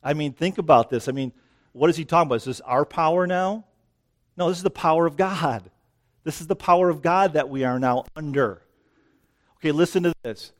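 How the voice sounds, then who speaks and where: A man's voice: fairly high pitch, a little fast. A man preaching a sermon outdoors, a little out of breath, in a conversational way that keeps checking in with the listeners. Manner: conversational, keeps asking "right?". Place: outdoors near dense greenery.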